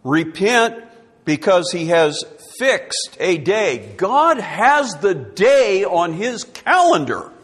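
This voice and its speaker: A man's voice: high voice, sing-song, takes it slowly, a bit bright, husky, big-room sound. A man preaching a sermon, emphatic and repeating his key words for effect.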